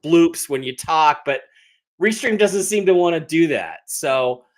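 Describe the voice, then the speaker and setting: A man's voice: a little high, expressive, a little slow. A man hosting a casual livestream, greeting viewers by name and rambling with many restarts and mock-hurt teasing. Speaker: livestream host.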